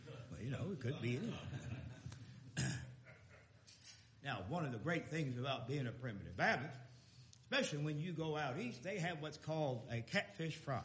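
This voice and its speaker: A man preaching a sermon in a folksy, emphatic way, swinging between loud declarations and quiet asides. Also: on the high side. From Texas.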